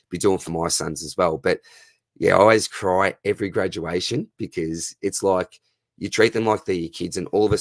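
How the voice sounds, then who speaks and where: A man in his thirties with an Australian accent, hosting a casual live Q&A, friendly and matey, his voice going hoarse. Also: sits low, no room sound. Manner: matey and friendly, calls viewers mate and brother. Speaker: livestream host answering fantasy football questions.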